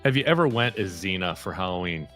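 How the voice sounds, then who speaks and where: Male guest, low voice with a bright edge, chatty and quick to joke, faint music behind. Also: very animated. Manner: chatty, joking, self-interrupting. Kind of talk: casual chat.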